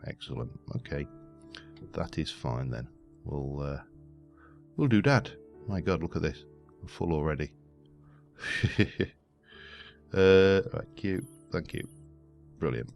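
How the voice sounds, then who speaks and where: A man's voice: rumbling low, takes it slowly, gravelly, pauses often, a little mellow. A man giving rambling, muttering commentary while playing a game. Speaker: let's play host. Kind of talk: casual gameplay commentary. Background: faint background music.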